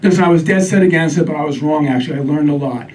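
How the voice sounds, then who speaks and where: A man doing a stand-up comedy set on a club stage, wry with deadpan asides. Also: fairly high pitch, rapid-fire. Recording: distant mic, live crowd laughter.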